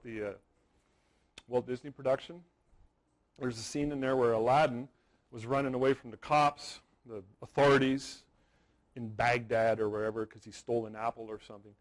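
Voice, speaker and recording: A man in his forties giving a live seminar, talking straight to the room. He tells stories, repeats words for emphasis and keeps checking in with his listeners. His voice sits at an everyday middle pitch. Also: fairly even intonation, brisk, low-quality recording. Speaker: wedding photography seminar presenter. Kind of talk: live seminar talk to an audience.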